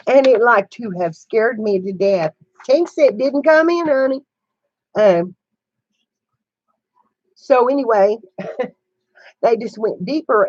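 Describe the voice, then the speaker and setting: Her voice is a little high with a darkish tone, and the lo-fi recording has no echo. She's an older channel host livestreaming from a home room with a sewing setup, chatting and telling stories, laughing a lot and greeting viewers mid-story as they arrive.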